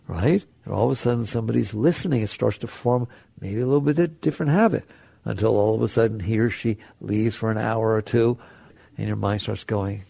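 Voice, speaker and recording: A man's voice: fairly low pitch, fairly quick, creaky, warm tone, breathy edge, no echo. A man giving an earnest spiritual talk to an audience, an author and teacher who asks frequent rhetorical questions.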